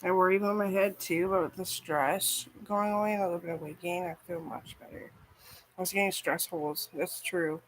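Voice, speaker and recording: A woman's voice: fairly low pitch, fairly even intonation, a little fast, low-quality recording. Rambling, foul-mouthed woman vlogger. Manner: rambling, profane, frequent "like". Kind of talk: casual rambling chat.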